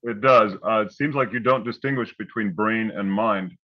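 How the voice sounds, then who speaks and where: A man with a low voice asks questions carefully and in a measured way. The recording sounds dull and lo-fi. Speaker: question reader.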